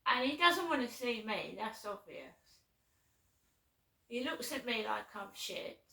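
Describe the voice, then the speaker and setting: Woman rambling thru a story on her vlog, gravelly bright voice, echoey room. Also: on the high side, big pitch swings, slow pace. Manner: rambling aggrieved retelling, keeps asking "right?". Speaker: vlogger. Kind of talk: casual storytelling. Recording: roomy echo.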